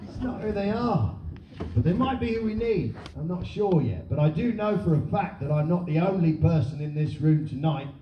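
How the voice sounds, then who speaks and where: Sex: man. Origin: Britain. Role: stand-up comedian. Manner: sardonic, animated. Pitch: high. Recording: roomy, distant live venue. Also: slight background noise. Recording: roomy live venue miked from far, dull.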